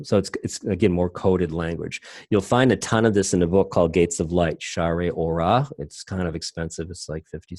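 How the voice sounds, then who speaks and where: A middle-aged man talks through a lesson from his home computer in a deep, warm tone. He rambles and breaks off mid-sentence to fix what he said. The sound is dry and close, with no room echo. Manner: loose, rambling, self-interrupting. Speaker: teacher. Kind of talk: casual online class lecture.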